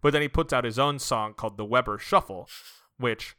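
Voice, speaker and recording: Bright-voiced man critiquing a film. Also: medium pitch, a little fast, clean tone. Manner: critical, analytical, uses "like" a lot. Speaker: podcast co-host. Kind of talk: casual film-review chat.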